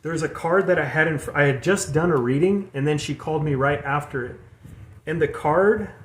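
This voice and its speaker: Slightly high-voiced rambling male tarot reader. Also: brisk, slight background noise. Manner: rambling, repeats words and restarts. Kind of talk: casual spiritual talk to viewers.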